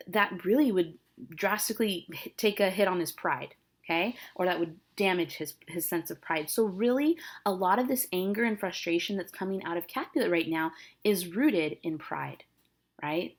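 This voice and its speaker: A woman teacher reading a play aloud to her class and explaining each passage in casual, plain terms, often checking in with "okay?". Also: lowish voice. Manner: reads lines aloud then paraphrases casually, frequent "okay?" and "right?". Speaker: English teacher.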